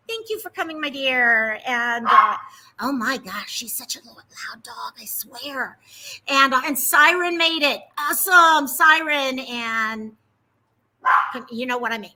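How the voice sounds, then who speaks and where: Chatty lady hosting a livestream, rambly, bright high voice. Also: rough recording. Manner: chatty and rambling, greeting viewers by name. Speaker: livestream host. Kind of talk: casual livestream chat.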